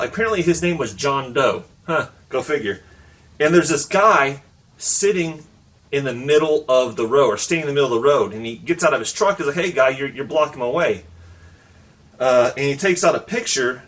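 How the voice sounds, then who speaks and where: A man's voice: a little high, fairly bright tone, far from the mic. A man giving a casual comic book review, talking loosely with lots of fillers and laughing along as he retells the story. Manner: loose and chatty, many fillers.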